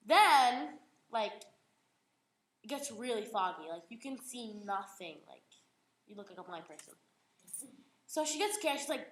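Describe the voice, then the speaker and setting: A teenage girl with a high, bright voice retells a story in an animated, giggly way. She acts out the voices and peppers her speech with "like." The recording has an echoey room and faint noise behind it. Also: measured pace, pauses often. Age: teens. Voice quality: giggly, lots of "like". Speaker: young storyteller.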